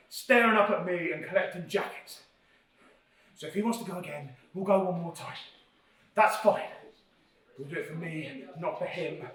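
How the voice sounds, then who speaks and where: Cocky high-voiced man cutting a wrestling promo. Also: a bit bright. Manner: cocky, punchy catchphrases. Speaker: pro wrestler. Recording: roomy hallway audio from far off.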